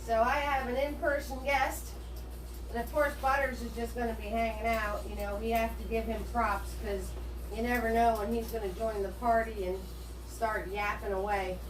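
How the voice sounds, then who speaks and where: A woman's voice: a little high, little pitch movement, moderate pace, background noise. A woman hosting a live painting class online, chatting with viewers and greeting them in a sing-song way. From Washington state. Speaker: paint party host.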